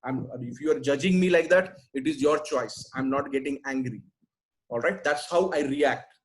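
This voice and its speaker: A man's voice: mid-range voice, normal speed, low-quality recording. A man answering questions in a webinar, blunt and emphatic, often ending with "right?". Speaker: sales trainer answering questions.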